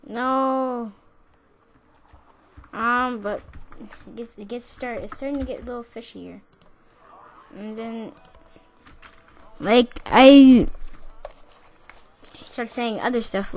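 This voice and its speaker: A woman's voice: fairly high pitch, slight background noise. A young woman casually telling a story about school, rambling with lots of "like" and restarts. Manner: rambling, full of "like" and restarts, with bursts of laughter.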